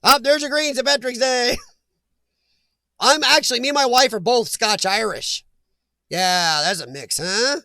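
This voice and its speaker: A man's voice: extremely high pitch, measured pace, long pauses, sharp tone, no room sound. A man hosting a casual live chat, reading viewer names aloud and laughing often. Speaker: livestream host reading chat.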